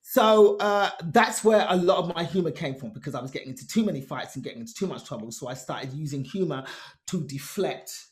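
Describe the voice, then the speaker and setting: A woman with a London accent, a comedian telling stories from her childhood in an emphatic, animated interview manner. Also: low voice, brisk, roomy sound. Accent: London English. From England. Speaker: guest comedian. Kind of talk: conversational interview storytelling.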